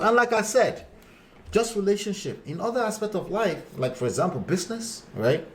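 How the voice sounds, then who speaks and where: A man hosting a relationship-coaching live stream speaks bluntly and lectures, reading viewer comments aloud and addressing the men watching directly. His voice sits high with lively intonation at normal speed, over slight background noise.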